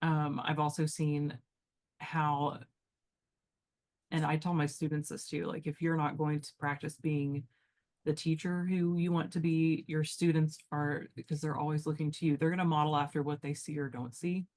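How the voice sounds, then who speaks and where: A woman's voice: sits low, level tone, normal speed, a little mellow. Woman, teacher, podcast guest, reflective, rambling, lots of fillers, casual chat.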